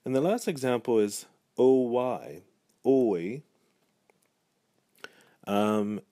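A man's voice: on the low side, dark tone, no echo, clean studio sound. A man giving a pronunciation lesson, speaking patiently and repeating each example word. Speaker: language teacher. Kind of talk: pronunciation tutorial.

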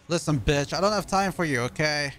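Excitable cursing gamer guy, high voice. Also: slight background noise. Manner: loud, excitable, constant swearing. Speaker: streamer. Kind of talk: live gameplay commentary.

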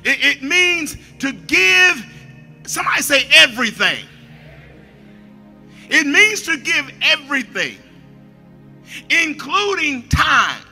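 Male pastor, sermon, shouted peaks and hushed asides, high voice, bright edge. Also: sing-song, slow, pauses often, faint music behind. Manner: preaching with shouted peaks and quiet asides, repeating phrases.

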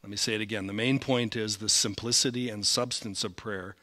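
A male senior pastor preaching a sermon, animated, rising in volume when he reads scripture and slipping in self-deprecating asides. His accent is Upper Midwest American. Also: fairly low pitch, fairly quick. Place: church sanctuary.

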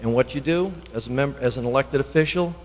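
A man, an elected official, giving public comment at a town hearing, earnest and halting, often restarting his sentences. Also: medium pitch, a little mellow, slight background noise. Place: town meeting hall. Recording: long reverb in a meeting hall.

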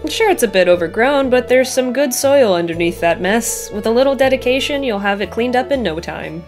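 A woman's voice: a little high, animated, fairly quick, faint music behind. A woman reading the lines of a friendly female village carpenter in a video game, cheerful and welcoming.

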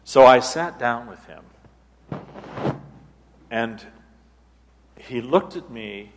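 A man, an abbot, telling a personal story at a retreat talk in an unhurried, halting way, often restarting his phrases. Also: medium pitch, lively intonation. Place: church hall. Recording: long reverb of a large hall.

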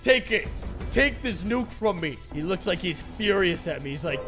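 Young male gaming host, high voice, dry sarcastic play-by-play, game music underneath. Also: moderate pace. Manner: sarcastic, mocking, sudden excited outbursts. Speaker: gaming YouTuber. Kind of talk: sarcastic gameplay commentary. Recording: music playing behind voice.

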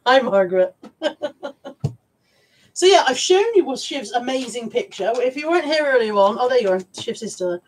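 A woman's voice: on the high side, animated, moderate pace, pauses often. A woman, hosting a casual livestream from home, chatting informally with viewers, reading out their comments and swearing now and then. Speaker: livestream host. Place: at home with piles of stuff around her.

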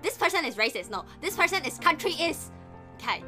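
Singaporean lady streamer, high bright voice, super animated and indignant. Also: normal speed, soft background music. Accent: Singaporean English. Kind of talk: casual stream chat.

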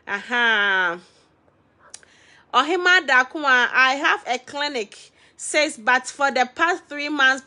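A Ghanaian woman with a high, bright voice runs a chatty live stream. She greets viewers one by one by name as she sells her herbal remedies. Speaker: herbal seller.

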